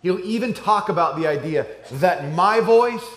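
A man preaching a sermon to a church crowd, talking like a conversation and moving between hushed and emphatic passages. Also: high voice, lively intonation, normal speed. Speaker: pastor. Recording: roomy church echo.

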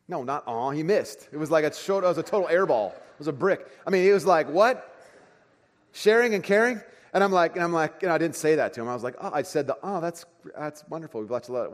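A pastor in his thirties preaches a sermon, telling a family story that swings lively between soft asides and excited bursts. His voice is mid-range, and long hall reverb surrounds the recording.

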